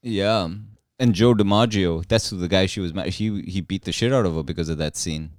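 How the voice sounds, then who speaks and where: A man's voice: low voice, normal speed, no echo, clean studio sound. A man hosting a casual podcast chat, joking crudely and laughing often.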